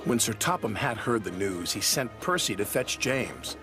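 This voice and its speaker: Expressive male storybook narrator. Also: lowish voice, moderate pace. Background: music.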